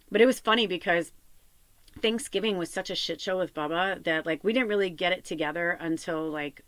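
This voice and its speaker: A woman's voice: fairly low pitch, brisk, a bit bright, no echo. A woman hosting a spiritual podcast, chatting in a rambling way and often repeating "I'm like" as she retells things. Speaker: podcast host and spiritual medium. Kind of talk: casual rambling chat.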